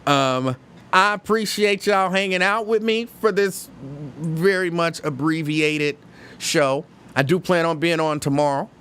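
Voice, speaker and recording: A man from hosting a live-stream show, chatting casually and reading viewer comments, opinionated and halting, with many restarts. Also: a little high, fairly bright tone, clean tone. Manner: conversational, opinionated, halting with frequent restarts and fillers.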